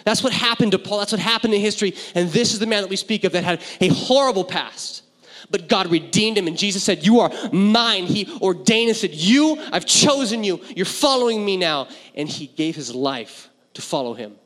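Male pastor with a higher voice, lively sermon delivery mixing humor with quiet intensity, recorded in a big reverberant hall. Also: normal speed. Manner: animated and joking, dropping to hushed intensity.

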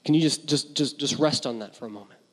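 A man's voice: mid-range voice, quick pace. A young man preaching a sermon as a pastor, earnest and candid, stumbling over restarts and building to emphatic passages. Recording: long hall reverb.

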